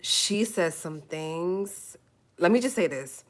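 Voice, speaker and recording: Speaking slowly in a lowish, animated voice, a woman on a casual YouTube livestream pleads earnestly with her viewers. She keeps repeating phrases in a conversational way and is on the verge of tears.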